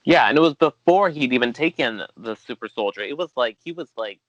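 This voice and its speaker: A man's voice: mid-range voice, lively intonation, a little fast, no echo. A man speaking as a guest in a casual podcast chat, earnest and a little rambling. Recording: dull lo-fi sound.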